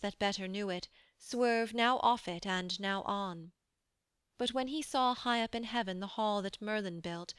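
A woman narrating a verse poem for an audiobook in a measured, solemn storytelling manner. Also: medium pitch, fairly bright tone, clean tone, no room sound, studio quality.

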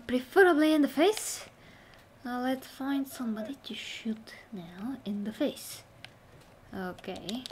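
Slow-talking woman doing game commentary. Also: mid-range voice, slight background noise. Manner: chatty, talks to herself, mutters and exclaims at the game. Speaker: gaming channel host. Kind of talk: casual gameplay commentary.

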